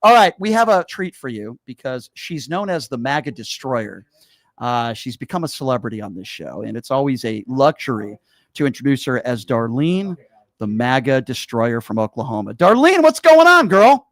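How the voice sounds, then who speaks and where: A man hosting a call-in talk show, energetic and chummy, laughing often with his callers. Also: medium pitch, normal speed, no echo. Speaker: radio talk show host.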